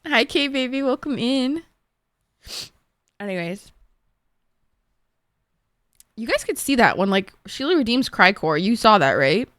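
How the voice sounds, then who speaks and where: A woman's voice: on the high side, very animated, measured pace, long pauses, a bit bright, no room sound, studio quality. A young woman streamer chatting casually with her viewers, emotional and swearing freely. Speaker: live streamer.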